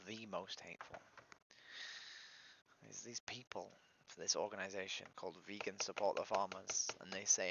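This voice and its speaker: Tired upset guy ranting on his stream, gravelly low voice, kinda muffled mic w a little hiss. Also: flat delivery, normal speed, pauses often, fairly bright tone. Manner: despondent venting, swearing, trailing into mutters. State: upset and weary. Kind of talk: frustrated livestream monologue.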